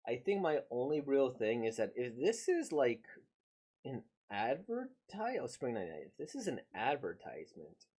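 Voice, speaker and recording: A man's voice: mid-range voice, huge pitch swings, moderate pace, a little mellow, breathy edge. A man casually reacting to a comic he is reading aloud, rambling with many fillers.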